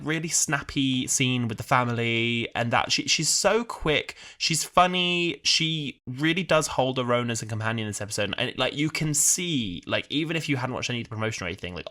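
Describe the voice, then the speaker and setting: A man in his twenties co-hosting a podcast in animated, giggly casual chat. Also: medium pitch. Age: 20s. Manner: animated, giggly, slips into quick impressions of characters. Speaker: podcast co-host.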